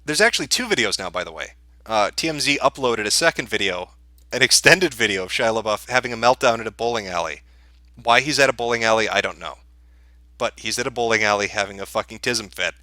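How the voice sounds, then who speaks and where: A man delivers profane, sneering commentary with a bright, sharp-edged tone. The sound is dry and close, with no room in it. He talks in an amused, crude way, mocking as he goes. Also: on the low side, animated, fast talker, no room sound. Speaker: podcast host.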